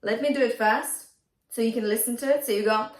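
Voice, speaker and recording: A woman's voice: on the high side, fast, reverberant, recorded from a distance. A woman vocal coach teaching a singing lesson, encouraging her students and breaking into sung examples.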